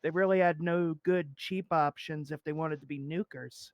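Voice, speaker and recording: A man's voice: a little high, steady tone, moderate pace, no room sound. A man who is a guest on a podcast roundtable, sharing emphatic opinions. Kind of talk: casual roundtable chat.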